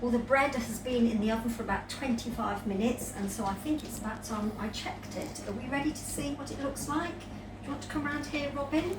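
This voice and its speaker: A woman's voice: a little high, brisk. Chatty woman baking in a roomy kitchen. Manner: chatty, talking to children. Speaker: church children's presenter. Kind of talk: casual baking demonstration. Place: home kitchen. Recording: roomy kitchen, distant mic, background noise.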